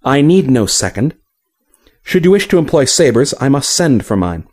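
A man doing a fierce, scarred young woman lieutenant, slow and clipped, quick to take offense. Her lines rise and fall with lively pitch as she issues challenges in a fantasy storybook reading. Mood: curt. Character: proud scarred woman officer, fierce and touchy.

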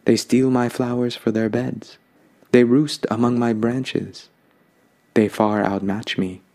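A man's voice: medium pitch, level tone, takes it slowly, mellow. A man voicing a throaty, ancient flowering tree spirit. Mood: weary.

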